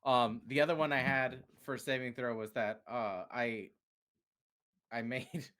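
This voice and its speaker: A man's voice: mid-range voice, fairly even intonation, unhurried, fairly bright tone. Man, Southern US accent, podcast co-host; rambling, self-interrupting, laughs often. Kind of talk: casual chat.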